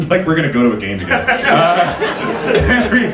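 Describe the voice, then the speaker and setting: A man's voice: fairly high pitch, wildly swooping pitch, normal speed, crowd noise. A male comedian, rambling in a profane way during a live panel. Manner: rambling, profane, laughing asides. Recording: roomy stage sound from far off, noisy.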